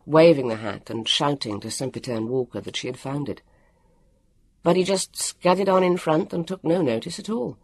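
Gravelly male storybook narrator. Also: a little high, no room sound. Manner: lively, expressive reading with acted voices. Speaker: audiobook narrator.

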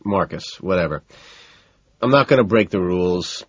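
A man's voice: deep voice, lively intonation, normal speed, slightly rough, dry recording, highs cut off. A man voicing a sarcastic, stubborn male limo driver with a smug, mocking manner.

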